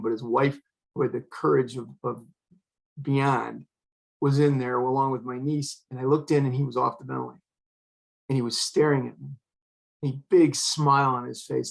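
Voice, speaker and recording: An older man with a gravelly, rough edge to his voice tells a personal story. He speaks in an earnest, emotional way and acts out what each person said. His pitch sits in an ordinary middle range for a man. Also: low-quality recording. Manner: emotional, earnest, quotes others in dialogue. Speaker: retired fire chief.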